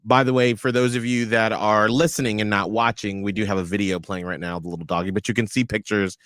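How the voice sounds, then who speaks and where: A man's voice: on the low side, steady tone, quick pace, fairly bright tone, no echo, studio quality. A man co-hosting a radio show, chatting casually and reacting with short murmured agreements. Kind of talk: casual chat.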